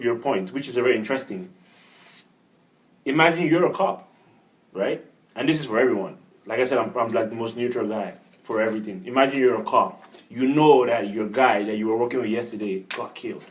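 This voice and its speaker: A man's voice: medium pitch, brisk, recorded from a distance, low-quality recording. A man raised in Nigeria in a casual discussion, working through his point with hypotheticals.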